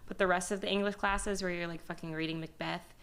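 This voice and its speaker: A woman's voice: on the low side, steady tone, fast, a bit bright, clean tone. A young adult woman in a casual group chat, offhand and candid with casual swearing.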